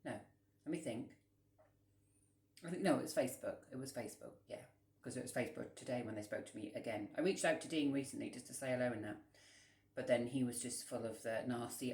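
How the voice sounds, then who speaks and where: A man's voice: mid-range voice, a little fast, darkish tone. A man telling a rambling storytime vlog in a blunt, profane way. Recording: roomy echo.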